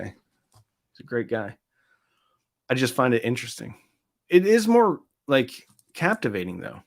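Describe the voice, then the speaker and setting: A man hosting a casual live stream, reading out viewer comments and answering them in a loose, chatty way with lots of fillers and quick asides. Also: mid-range voice.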